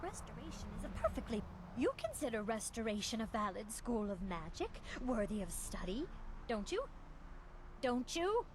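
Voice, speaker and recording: A woman's voice: fairly high pitch, big pitch swings, moderate pace, noisy background. An actress voicing a haughty female mage teacher who talks in a prim, defensive and formal way in a video game. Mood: indignant. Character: haughty female mage teacher, touchy about her school.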